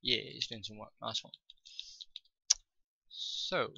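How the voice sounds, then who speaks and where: A man giving casual commentary over his own gameplay, thinking aloud with frequent fillers and pauses. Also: lowish voice, steady tone, vocal fry, noisy background. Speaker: gaming video host.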